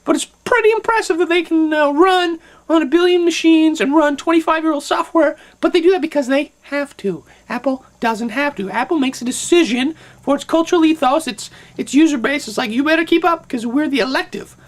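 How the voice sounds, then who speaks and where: A woman rants on camera in a high voice, sarcastic and animated. She riffs through an opinionated commentary, slipping into mocking asides. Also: brisk, hardly any pauses. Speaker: vlogger.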